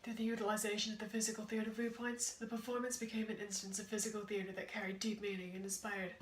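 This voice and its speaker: A woman voicing a gloomy, deadpan female alter ego with a morbid streak in a school drama presentation. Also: mid-range voice, fast, natural voice. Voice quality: flat, deadpan. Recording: echoey room, faint hum.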